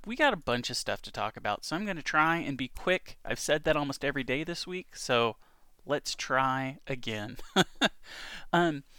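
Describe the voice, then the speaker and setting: A man's voice: mid-range voice, sharp tone, no echo. A man hosting a casual news show from home, reading headlines and adding chatty asides. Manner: chatty, reads headlines with asides and small laughs. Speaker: podcast news host. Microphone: home recording setup.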